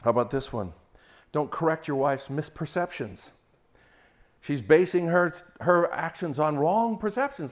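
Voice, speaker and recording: An older man preaching a sermon on marriage, swinging from loud mocking quotes to hushed, intimate storytelling. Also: fairly high pitch, big pitch swings, normal speed. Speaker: pastor.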